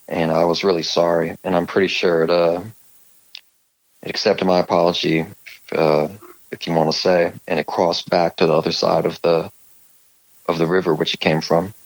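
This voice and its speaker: A man from California telling his own encounter stories as a guest, rambling and halting with many fillers and restarts. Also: deep voice, gravelly, no echo, low-quality recording. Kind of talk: casual storytelling on a call.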